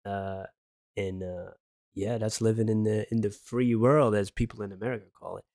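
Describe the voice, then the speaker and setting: A man's voice: lowish voice, normal speed, vocal fry, no room sound. A man from Belgium hosting a reaction video, chatting casually into a close microphone and tossing in "man" and "hey.". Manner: relaxed, chatty, says "man" and "hey" a lot.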